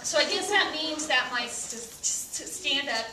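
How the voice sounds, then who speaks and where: A woman's voice: sits high, animated, unhurried, roomy sound, far from the mic, very noisy. A woman performing stand-up comedy before a live audience, speaking with a stutter full of repeated sounds.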